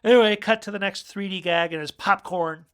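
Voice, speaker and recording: A man's voice: high voice, brisk, fairly bright tone, clean tone. A man giving a casual film review, rambling, correcting himself and chuckling as he goes. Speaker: movie reviewer.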